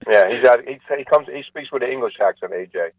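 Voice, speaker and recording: A male comedian on a radio interview, telling long jokes and acting out the characters with lively changes of voice. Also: quick pace, slight background noise. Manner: animated joke-telling, acts out characters with rising pitch. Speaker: comedian guest. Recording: dull lo-fi radio sound, dry.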